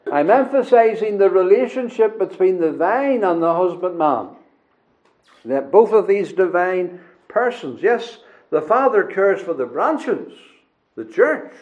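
A man preaching a sermon in a measured, emphatic way, with deliberate pauses between phrases. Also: a little high, a little mellow. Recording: dull, lo-fi sermon recording.

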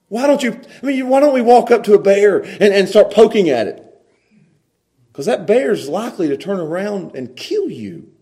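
A man preaching a sermon as a pastor, swinging from loud emphasis to quiet asides. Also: high-pitched.

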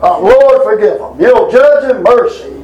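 A man's voice: very high-pitched, lively intonation, normal speed, distant mic, muffled recording. A middle-aged man preaching a folksy sermon to a responsive congregation. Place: church sanctuary. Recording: echoey church room.

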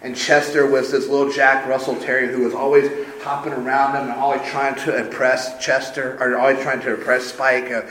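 A man's voice: mid-range voice, level tone, fairly quick, few pauses, a bit bright. A man preaching a sermon as a pastor, emphatic and conversational. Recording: roomy echo.

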